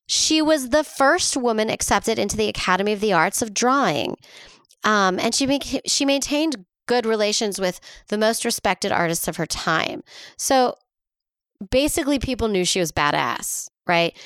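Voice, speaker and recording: A woman's voice: a little high, animated, moderate pace, a bit bright, smooth, no echo, clean studio sound. A woman co-hosting a podcast, casually retelling a history story with sarcastic asides. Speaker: podcast co-host.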